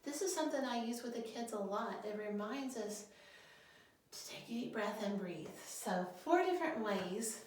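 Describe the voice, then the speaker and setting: A woman school counselor giving a guidance lesson to children, gently leading breathing exercises step by step. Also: a little high, lively intonation, normal speed, recorded from a distance, a little hiss or hum. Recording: echoey room, voice set back from the mic.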